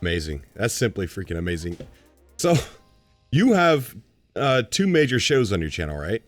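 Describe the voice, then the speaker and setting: Male co-host, lowish voice, relaxed interviewer, dry sound. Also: moderate pace, dry recording, faint music behind. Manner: easygoing, short reactions and questions. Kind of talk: casual podcast chat.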